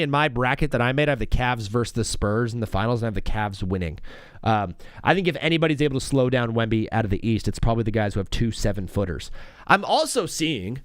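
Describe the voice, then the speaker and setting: A man's voice: fairly high pitch, a bit bright, clean tone, no room sound, studio quality. A young man hosting a live sports stream, rambling and joking in a casual way with lots of "dude" and "bro".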